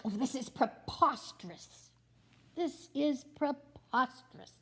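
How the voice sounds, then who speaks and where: A woman's voice: on the high side, expressive, drawn-out words, darkish tone, exaggerated voice. A woman voicing a fussy, pompous grown-up male character in a storybook read-aloud. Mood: indignant.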